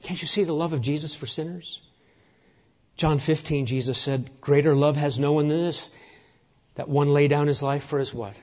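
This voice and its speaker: A high-pitched man delivers a sermon with rising emphasis, then drops low for hushed moments. The recording is slightly muffled, with a dull edge to the sound. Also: steady tone, normal speed. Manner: emphatic preaching, swinging from loud declarations to hushed near-whispers. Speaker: pastor.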